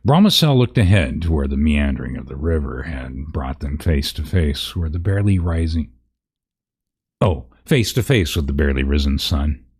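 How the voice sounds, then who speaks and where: Low slow guy reading a silly fantasy parody, raspy and gravelly, cracks up and swears. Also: animated, darkish tone. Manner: laughs and swears in asides. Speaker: storyteller. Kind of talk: reading a parody story aloud.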